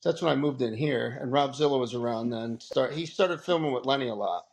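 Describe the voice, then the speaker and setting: A man's voice: medium pitch, brisk, vocal fry. A man talking in a casual podcast chat, blunt and loose, swearing freely. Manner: blunt, swearing, laughs easily. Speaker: podcast guest.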